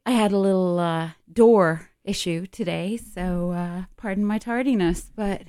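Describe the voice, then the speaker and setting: A woman's voice: medium pitch, a little slow, mellow, clear, resonant tone, dry recording. A woman co-hosting a casual radio talk show from a studio, chatty and rambling, often giggling.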